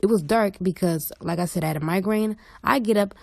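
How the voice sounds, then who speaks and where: A young woman telling a college roommate story in a flat, matter-of-fact way. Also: medium pitch, fairly quick, creaky, no echo. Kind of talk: casual storytime.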